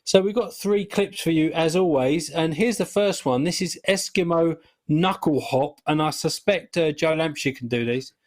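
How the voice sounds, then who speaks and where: A man's voice: on the high side, moderate pace, hardly any pauses. A man co-hosting a casual chat show, presenting clips in an easygoing, chuckling way.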